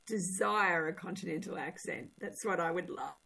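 A woman's voice: fairly low pitch, moderate pace, gravelly, a crowd in the background. A woman interviewing a guest, chatty and full of compliments. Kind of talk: casual interview chat.

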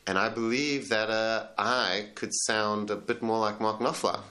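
A man's voice: fairly low pitch, fairly even intonation, measured pace, bright, forceful tone. A man, a band leader answering interview questions in a hesitant way, with many fillers and restarts. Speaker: tribute band leader and singer.

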